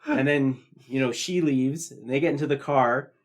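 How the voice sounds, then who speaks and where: A man with a mid-range voice co-hosts a casual podcast. He tells his stories haltingly and fills the gaps with "uh" and "like.". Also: medium pitch, background noise. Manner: relaxed, halting storytelling with fillers. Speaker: podcast co-host. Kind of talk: casual chat.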